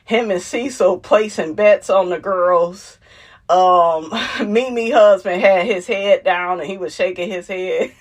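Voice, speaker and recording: A woman's voice: mid-range voice, slow pace. A young adult woman, chatting casually and sassily about a reality show, laughing and acting out the people she quotes. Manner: animated, sassy, quotes cast members in voices, laughs often. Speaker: reality TV recap commentator. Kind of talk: casual chat.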